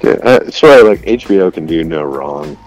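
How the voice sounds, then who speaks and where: A man's voice: low-pitched, lively intonation, normal speed, a little mellow, soft background music, rough recording. A man co-hosting a radio show by phone in casual banter, laid-back and swearing often. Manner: laid-back, swears a lot, says bro. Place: at home, on a phone line.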